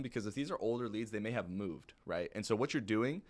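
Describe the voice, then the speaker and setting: In a brisk, expressive, medium-pitched voice, a young insurance sales trainer delivers casual training talk on sales calls. He speaks plainly and uses lots of fillers.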